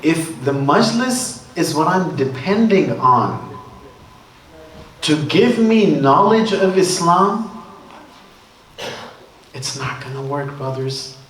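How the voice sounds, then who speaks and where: Lively man preaching in an echoing hall. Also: a little high, slow, pauses often, distant mic, a little hiss or hum. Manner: conversational, joking storytelling. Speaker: religious speaker. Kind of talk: sermon. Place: religious gathering hall. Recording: roomy hall from afar.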